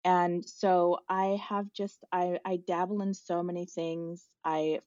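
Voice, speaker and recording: A woman's voice: on the low side, little pitch movement, slow, darkish tone, no room sound, dull audio. A woman podcast guest speaking reflectively and conversationally. She searches for her words and uses fillers as she tells her story.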